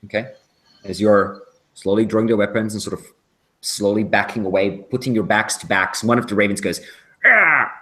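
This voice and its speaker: A man running a tabletop role-playing game as game master, narrating scenes slowly and atmospherically. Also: on the low side, steady tone.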